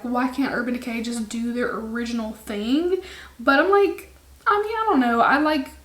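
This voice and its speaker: A woman's voice: on the high side, echoey room. A young woman, a beauty vlogger, chatting casually to camera in a rambling way with lots of ums, her voice starting to wear out.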